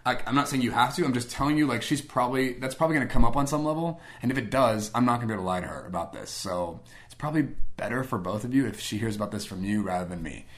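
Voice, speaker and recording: A young man telling a personal story in a casual way, animated, acting out both sides of old conversations with many fillers. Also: mid-range voice, racing, few pauses.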